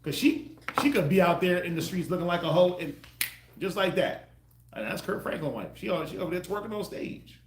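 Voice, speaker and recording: A man preaching to a group, acting out the voices he quotes with sudden loud bursts. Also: high voice, animated, fairly quick, echoey room, slight background noise. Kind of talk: street sermon teaching.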